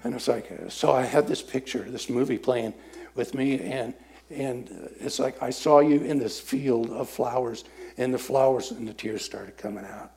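A man preaching a sermon and telling a story, acting out voices and swinging between loud and soft. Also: mid-range voice, normal speed, creaky.

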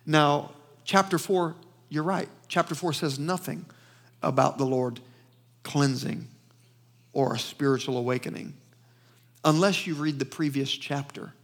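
Southern US male preacher, slightly high-pitched, emphatic and quick, calls the congregation to answer back. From Southern United States. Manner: emphatic, with call-and-response to the congregation; fast-talking. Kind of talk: sermon. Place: church sanctuary.

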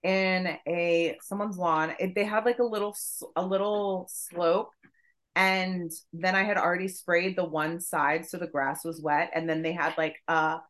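A woman co-hosting a podcast, telling a story in casual chat, profane and animated. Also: on the low side, a little slow. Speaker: podcast co-host.

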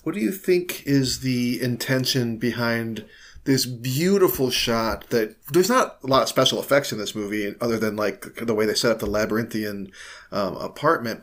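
A man co-hosts a casual film podcast, musing and asking his partner questions. He talks in a thoughtful, easygoing way. His voice sits at a middling pitch.

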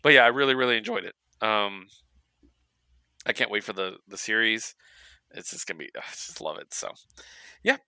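Lively, bright-voiced male podcast host. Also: on the low side, moderate pace, long pauses, clear, resonant tone, no echo. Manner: animated storyteller, laughs often. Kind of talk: casual chat recapping comics.

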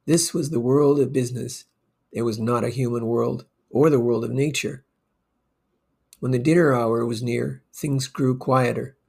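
A man reading a story aloud in a slow, measured way. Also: medium pitch, vocal fry, darkish tone, slightly rough. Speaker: narrator.

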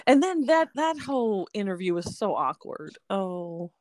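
A woman guest in a casual podcast chat, giggly and expressive, acting out quotes. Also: medium pitch, measured pace, no room sound, studio quality.

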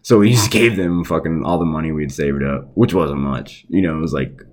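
A man's voice: rumbling low, a little fast, darkish tone. A middle-aged man co-hosting a podcast, telling a story in casual chat, laughing often and swearing freely. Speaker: podcast co-host.

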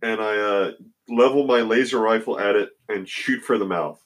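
A man's voice: lowish voice, moderate pace, low-quality recording. A man playing a tabletop game, thinking aloud with many fillers as he describes his moves. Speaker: player. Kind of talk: casual play at a game table.

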